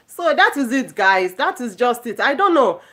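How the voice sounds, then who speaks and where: A woman's voice: on the high side, pushed and bright. A middle-aged woman talking casually to her viewers in an indignant, emphatic rant, repeating herself for force. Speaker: vlogger. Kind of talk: casual ranting monologue to viewers.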